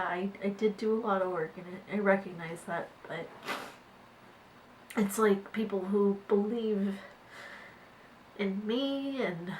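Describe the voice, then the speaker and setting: A woman managing artists, talking haltingly to her camera in a casual vlog with many fillers and restarts. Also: medium pitch, a little hiss or hum, low-quality recording. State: tearful, voice catching.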